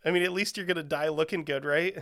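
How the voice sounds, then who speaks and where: A man's voice: fairly high pitch, fast talker, a bit bright, no echo, clean studio sound. A young man co-hosting a comedy podcast, reading an old diary aloud and swearing through wry jokes. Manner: profane, joking, reads a diary aloud with wry asides. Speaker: podcast co-host.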